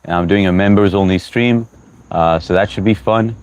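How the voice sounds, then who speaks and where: A man's voice: low voice, moderate pace, a little mellow. A young man from the US hosting a casual livestream, greeting viewers by name, mixing in Hindi phrases and sounding short on sleep. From United States. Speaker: livestream host.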